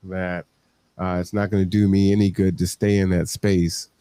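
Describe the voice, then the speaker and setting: A man with a fairly low voice talks on his podcast in a reflective, conversational way. He keeps checking in with whoever is listening. The sound is dry and close, with no room around it. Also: flat delivery, normal speed, warm tone, smooth, no room sound. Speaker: podcast host. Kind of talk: reflective casual talk.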